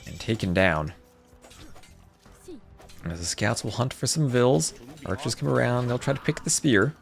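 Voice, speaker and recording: A man commentating a live strategy game tournament, chatty and excitable, chatting with viewers between plays, with faint music behind. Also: medium pitch, normal speed, creaky. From New Jersey. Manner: chatty, reads chat aloud, excitable outbursts. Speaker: esports caster.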